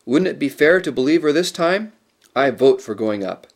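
A man voicing a fair-minded, slightly sheepish boy in a storybook reading, speaking quickly and earnestly. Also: mid-range voice, lively intonation, gravelly, pitched above the performer's own voice.

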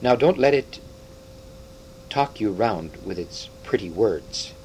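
A man's voice: fairly low pitch, expressive, slow pace, a little mellow, slight background noise, rough recording. A man reading aloud, voicing a sour, suspicious male dwarf who speaks bluntly. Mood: hostile. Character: sour, hostile black-haired male dwarf.

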